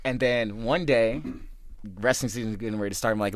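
A man from St. Louis tells his stories in a loose, laid-back podcast chat. He has a fairly low voice and swears through nearly every sentence. He keeps checking in with "right?", and the recording is dry and close with little room sound. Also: brisk, no room sound. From St. Louis, USA. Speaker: podcast guest, MMA fighter. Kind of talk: casual storytelling chat.

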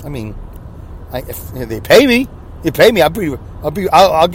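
Older New York guy hosting his own podcast; digressive, self-mocking, pitched a bit high. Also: expressive, moderate pace, slight background noise. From Brooklyn, New York. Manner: jokey, self-deprecating, digressive. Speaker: podcast host. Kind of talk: rambling solo podcast monologue.

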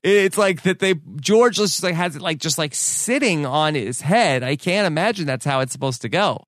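A man with a fairly high voice chats casually as a podcast co-host, walking through scenes and acting out quoted lines. He leans on "like" as he talks, and the sound is close and dry with no room around it. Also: animated, normal speed, a bit bright, no echo. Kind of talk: casual chat.

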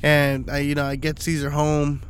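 A man's voice: fairly high pitch, completely flat delivery, moderate pace, a little hiss or hum. Laughing, cursing young man telling a story. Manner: profane, laughs often while telling stories. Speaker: podcast co-host. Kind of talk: casual storytelling chat.

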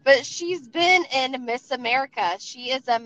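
A woman hosting a podcast, telling stories in a casual, profane, animated way with lots of restarts. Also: high voice, measured pace, rough recording. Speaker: podcast host.

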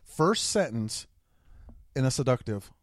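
A man's voice: medium pitch, very animated, a little slow, no echo. Teasing man co-hosting a podcast. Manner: teasing, pushy, playful. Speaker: podcast co-host. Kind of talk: casual chat.

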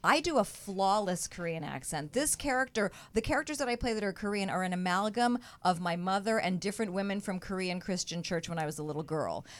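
A woman's voice: mid-range voice, fairly quick, few pauses. A woman who is a comedian and actress, explaining her views earnestly and emphatically as a talk show guest.

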